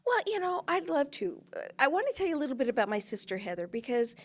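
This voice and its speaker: Woman in her 50s, lively storyteller, pitch a bit high, goes loud then soft. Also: quick pace. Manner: animated storyteller, shifts between loud and soft. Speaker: guest expert and author. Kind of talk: interview storytelling.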